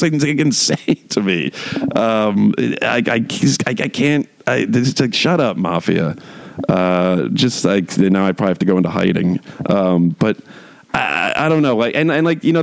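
A man hosting a casual talk show, ranting in a rambling, profane way full of filler words. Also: fairly low pitch. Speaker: podcast host reviewing shows. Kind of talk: casual rant.

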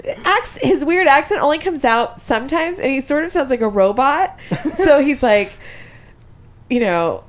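A woman's voice: high-pitched, expressive, normal speed. Laughing, foul-mouthed woman guest. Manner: chatty, swears freely, laughs often while telling stories. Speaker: podcast guest. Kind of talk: casual podcast chat.

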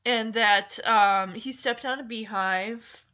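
A woman casually retelling a movie's plot, animated and acting out the characters' lines. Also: fairly high pitch, slow pace, dull audio. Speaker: film recap host.

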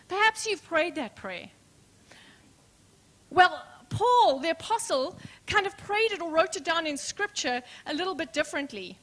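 A woman pastor preaching a sermon, emphatic and questioning, dropping to soft hushed words, calling the congregation her friends. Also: extremely high pitch, animated, a little slow. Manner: addresses congregation as friends, asks rhetorical questions. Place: church.

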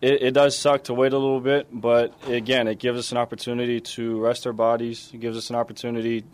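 Player interview, male, measured with fillers; quick and level delivery. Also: medium pitch, flat delivery. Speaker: football player. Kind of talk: interview clip.

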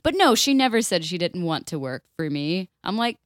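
A woman's voice: on the low side, animated, normal speed, no room sound, clean studio sound. A woman co-hosting a casual podcast, reading a story aloud and cutting in with blunt, sweary comments. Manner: blunt, sweary, laughs often. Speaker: podcast co-host.

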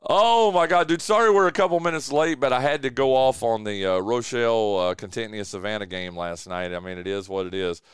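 Man, sports radio host, casual studio chat, filler-heavy, smooth resonant voice, dry sound. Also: medium pitch, a little fast, few pauses, dry recording. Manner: chatty, filler-heavy, says "dude" a lot. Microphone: studio mic.

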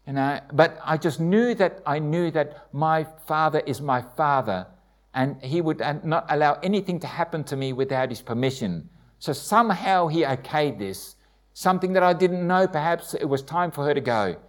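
A man's voice: expressive, moderate pace. A middle-aged man, a missionary, telling a heartfelt personal testimony in church, with frequent hesitations and dialogue acted out in a rising voice. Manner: heartfelt storytelling, acts out dialogue with rising pitch.

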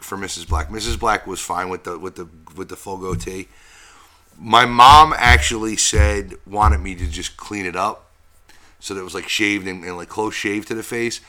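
A man co-hosting a podcast, chatting in a relaxed, rambling way with fillers and some swearing. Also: fairly low pitch, normal speed. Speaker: podcast co-host. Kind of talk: casual chat.

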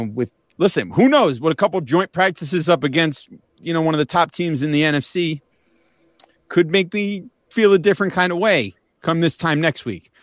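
A man in his forties hosting a podcast, animated and wary, talking in quick asides. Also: mid-range voice, no echo, studio quality. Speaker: podcast host. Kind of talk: casual podcast chat.

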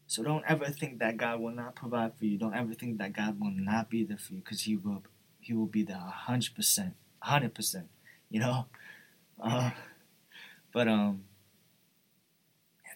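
A man's voice: lowish voice, husky. A young man giving an earnest, informal devotional talk, often asking "right?" and "you know". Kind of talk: informal sermon.

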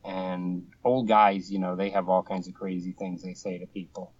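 A man's voice: low voice, little pitch movement, moderate pace, a little mellow, breathy edge, dry recording. A man in his sixties with a Boston accent, telling rambling, self-deprecating stories as an interview guest. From Boston area. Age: 60s. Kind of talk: casual anecdotal storytelling. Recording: dull, slightly distant, dry mic.

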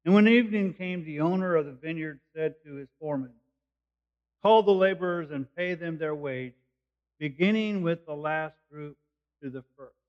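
A man's voice: fairly high pitch, moderate pace. A man preaching a sermon, explaining a passage verse by verse in plain, conversational words. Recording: dull lo-fi recording.

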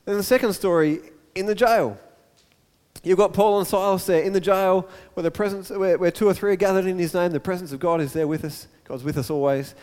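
A man preaching a sermon, retelling a story in a lively, storytelling way that often repeats and restarts words. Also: high voice, brisk, clean tone. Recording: echoey hall.

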